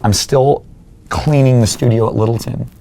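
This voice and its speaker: A man's voice: medium pitch, steady tone, moderate pace, gravelly, warm tone, slight background noise. A young man, a fitness coach as a podcast guest, earnestly telling his own story and acting out remembered conversations. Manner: earnest, acts out remembered dialogue. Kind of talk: personal storytelling in an interview.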